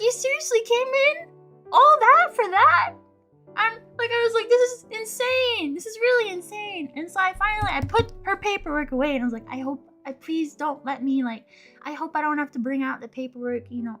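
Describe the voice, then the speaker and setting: A young woman chatting casually as a streamer, telling a story with lots of laughter and acted-out quotes. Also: very high-pitched. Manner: animated, laughs often, acts out quotes.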